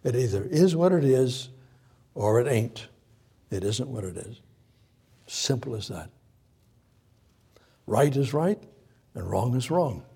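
A man preaching a sermon, halting and repeating himself, firing off rhetorical questions. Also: medium pitch, expressive, creaky, mellow, breathy edge.

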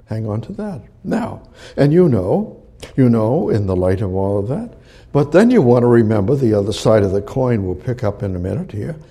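An older man preaching a sermon as pastor, with a gravelly voice, acting out crowd quotes. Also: lowish voice, very animated, normal speed, mellow.

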